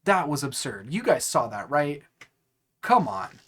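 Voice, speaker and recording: A man's voice: a little high, sing-song, moderate pace, a bit bright, husky. A young man hosting a casual let's play, chatting and joking with viewers, with bursts of frustration. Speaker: gaming channel host.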